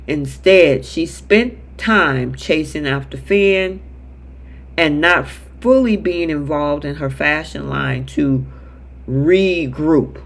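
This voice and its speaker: High-pitched guy doing a live soap recap chat, animated, reads the chat out loud. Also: takes it slowly, creaky. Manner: animated, acts out characters in quotes, reads viewer comments. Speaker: show host.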